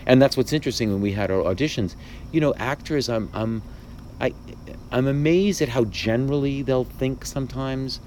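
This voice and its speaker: A man's voice: mid-range voice, moderate pace, a little hiss or hum. A man, a playwright hosting a podcast, speaking thoughtfully in casual conversation with frequent restarts. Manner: thoughtful, restarts often, animated asides.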